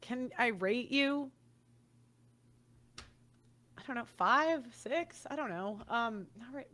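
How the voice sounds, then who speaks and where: Heated, profane woman ranting with a bright voice. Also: on the high side, animated, slow, long pauses. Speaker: commentator. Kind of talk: angry monologue.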